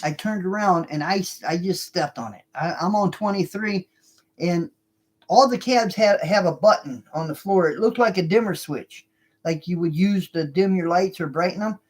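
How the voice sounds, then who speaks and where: A former cab driver casually telling a story to truckers. The speaker talks in an animated way, repeating lines and restarting sentences. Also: medium pitch, normal speed. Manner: animated, repeats lines and restarts while retelling a tense event.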